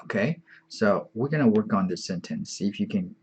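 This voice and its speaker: A man's voice: on the low side, animated, a little mellow, husky. A man teaching an online beginner Chinese lesson, patient and repetitive, saying each word several times. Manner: slow, patient, repeats words often.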